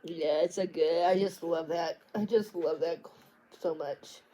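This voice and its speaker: A woman's voice: on the low side, steady tone, measured pace, warm tone. A woman book vlogger talking in a casual, rambling way, tripping over words and restarting sentences. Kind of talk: casual chat.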